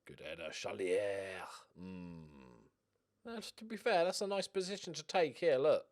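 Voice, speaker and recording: A man giving casual gaming commentary as a streamer, getting excited and swearing as he cheers on his team. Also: high voice, moderate pace. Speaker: game streamer.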